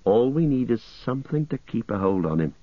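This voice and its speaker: A man voicing a stern, grave young male hobbit in a storybook reading, firm and measured. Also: medium pitch, very animated, no echo, highs cut off.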